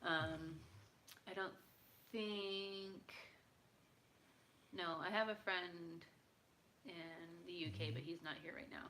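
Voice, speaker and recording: A woman's voice: on the low side, slow, sharp tone, slight background noise. A woman hosting a live stream, chatting with viewers in a bubbly, playful way while tired late at night. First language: English. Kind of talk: casual chat with viewers.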